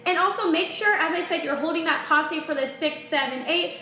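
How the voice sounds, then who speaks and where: A woman's voice: extremely high pitch, a little fast, few pauses. A young woman teaching dance, chatty and apologetic, counting the beats aloud. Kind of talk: dance tutorial vlog. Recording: echoey room with faint noise.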